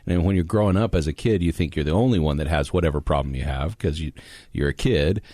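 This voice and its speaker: A man co-hosting a podcast and coaching on anxiety, speaking in a calm, explanatory way. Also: rumbling low, fast talker, dry recording. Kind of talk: interview conversation.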